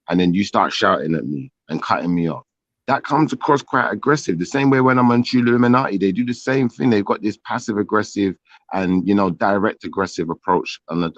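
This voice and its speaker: A man calmly arguing a point as a guest in a live-stream debate. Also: sits low, no room sound. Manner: measured, insists on talking freely. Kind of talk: calm argument on a live stream. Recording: dull lo-fi call audio.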